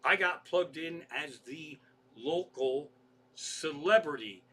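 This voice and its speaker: Guy rambling thru swear-filled stories, fairly high bright voice. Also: slow, husky. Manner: profane, rambling anecdotal storytelling. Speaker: comedian. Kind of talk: storytelling podcast monologue.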